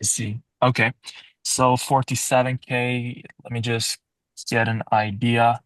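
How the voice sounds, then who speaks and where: A man playing a salesperson in a sales roleplay, calmly asking questions and restating the answers. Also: mid-range voice, a little slow, no room sound, low-quality recording.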